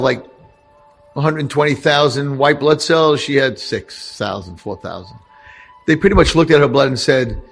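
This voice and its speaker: Husky rabbi telling a lively story. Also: male voice, mid-range voice. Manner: animated, acts out dialogue. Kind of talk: storytelling talk.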